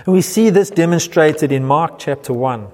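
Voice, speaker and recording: A middle-aged man preaches as pastor, earnestly working through a passage and quoting scripture. His voice sits a little high for a man. Long reverb from the church hall trails each phrase. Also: lively intonation, normal speed. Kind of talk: sermon.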